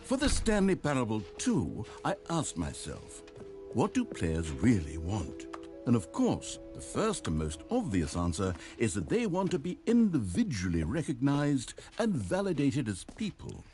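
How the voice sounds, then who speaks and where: A sardonic game narrator. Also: male voice, mid-range voice, huge pitch swings, a little slow, a little mellow, soft background music. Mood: wry. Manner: dry, mock-sincere, teasing. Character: wry adult male game narrator, sardonic salesman. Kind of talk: scripted video game narration.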